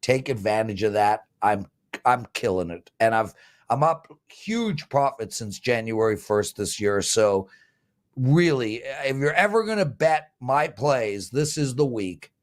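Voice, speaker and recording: A man in his fifties hosting a sports betting show, pitching promo codes and boasting about his winning picks. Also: animated, a little slow. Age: 50s. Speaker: host and sports handicapper.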